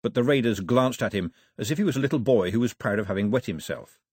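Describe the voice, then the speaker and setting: Husky-voiced man reading a story. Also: mid-range voice, fast, no room sound, clean studio sound. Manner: expressive reading with varied voices for characters. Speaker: narrator. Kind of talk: storybook narration.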